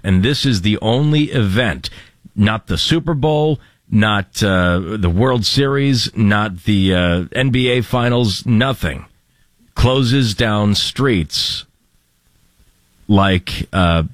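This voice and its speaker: Deep-voiced blunt radio co-host. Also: male voice, animated, slow, no echo, clean studio sound. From New Bedford area. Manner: blunt, emphatic, filler-heavy. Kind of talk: casual talk radio chat.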